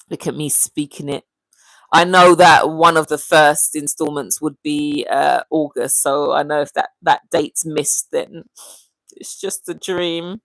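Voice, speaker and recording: A woman hosting a casual livestream, chatting and reading viewer comments aloud in a lively, animated way. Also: low-pitched, unhurried, gravelly, no echo, low-quality recording. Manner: chatty and animated, often calling out viewers' names. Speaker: livestream host.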